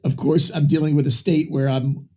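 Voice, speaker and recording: A man from Brooklyn, New York, appears as an interview guest, telling a personal story candidly and ramblingly, with many restarts and asides. His voice is a little high, with little pitch movement, at a moderate pace.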